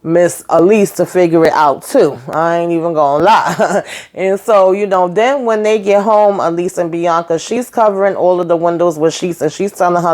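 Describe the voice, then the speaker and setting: A woman's voice: fairly low pitch, moderate pace. A woman recapping a TV episode in a casual, chatty way. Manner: chatty, animated retelling with acted quotes and asides. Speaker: YouTube reviewer.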